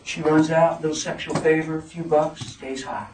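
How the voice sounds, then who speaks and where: A man preaches with fervor, his testimony rising to shouts and dropping to near whispers. He sounds far from the mic in an echoing room, with noise underneath. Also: a little high, little pitch movement, moderate pace. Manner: fervent preaching, swinging between shouts and hushed tones. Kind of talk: impassioned testimony sermon. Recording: roomy, distant mic with noise.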